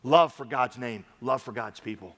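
A man preaching a sermon from a church stage, swinging between loud urging and quiet earnest talk. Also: medium pitch, normal speed, in a large hall. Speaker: pastor.

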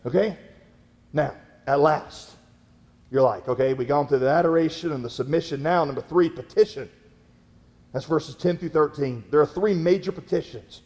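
High-voiced pastor preaching in a reverberant hall. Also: male voice, a little mellow. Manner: conversational, halting with fillers and restarts. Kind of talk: sermon with storytelling.

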